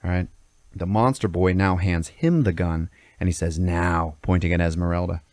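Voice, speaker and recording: Deep-voiced man telling a story. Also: a little fast, darkish tone, dry recording, studio quality. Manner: swears constantly, checks in with "okay?". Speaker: podcast host telling a story. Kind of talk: casual storytelling chat. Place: podcast studio.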